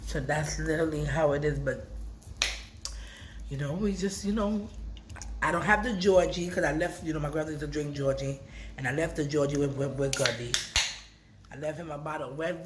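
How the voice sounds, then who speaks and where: A woman vlogger talking casually and emotionally, rambling, repeating words and swinging between soft and loud. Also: sits low, a little hiss or hum. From Brooklyn. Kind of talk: casual emotional vlog talk.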